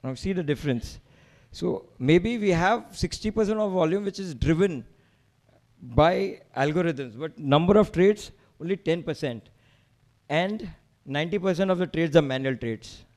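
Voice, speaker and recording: A man's voice: fairly high pitch, lively intonation, normal speed, a little mellow. Emphatic Indian man presenting slides. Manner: emphatic, rallying, rhetorical questions. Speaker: meetup organizer and presenter. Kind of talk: slide presentation to a live audience.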